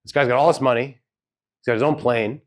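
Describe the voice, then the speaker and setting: A man with kids speaks briskly in a steady, mid-range voice, delivering a storytelling keynote to an audience in an event hall. He tells his personal story loosely, hedging and acting out the people he quotes.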